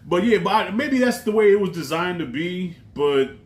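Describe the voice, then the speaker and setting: A man's voice: high-pitched, expressive, normal speed. A man reviewing a film in a casual vlog, talking in a loose, profane, rambling way. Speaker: movie reviewer.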